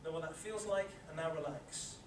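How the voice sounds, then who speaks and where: A man's voice: on the high side, moderate pace. A man giving a live workshop talk on handling anxiety, leading the room through a guided relaxation exercise, repeating his instructions and checking that they follow. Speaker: sports psychology presenter. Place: lecture room with a live audience. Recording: echoey room, far from the mic, loud noise.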